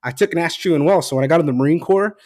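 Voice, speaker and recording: A male podcast host tells personal stories in a relaxed, casual setting. He is blunt and swears freely, and he gets animated as the story builds. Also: on the high side, racing.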